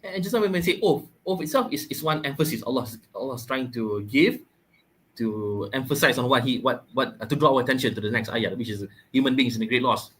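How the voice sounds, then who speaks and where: A man's voice: mid-range voice, a little fast, a bit bright. A man, explaining a Quran chapter in a casual podcast talk. He often halts and repeats words, and he uses everyday examples. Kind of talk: casual religious discussion.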